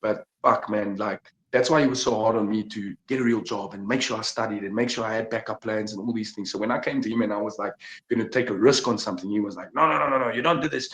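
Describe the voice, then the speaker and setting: A man's voice: on the low side, fairly even intonation, fast. A young man, a fighter and podcast guest, giving emphatic, profane motivational talk. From South Africa. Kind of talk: casual podcast interview. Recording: echoey room.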